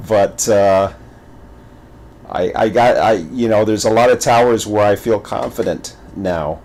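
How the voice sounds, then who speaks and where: A man's voice: lowish voice, measured pace. A man giving casual gaming commentary who rambles, repeats words and stumbles through his thoughts. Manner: animated, playful storytelling. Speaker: gaming video creator.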